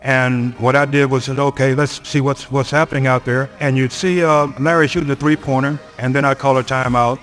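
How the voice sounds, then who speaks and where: A man's voice: mid-range voice, fairly even intonation, fairly quick, few pauses, fairly bright tone, faint music behind. A man who coached basketball, telling stories from his career in a plain-spoken way with chuckles. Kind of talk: recalled interview storytelling.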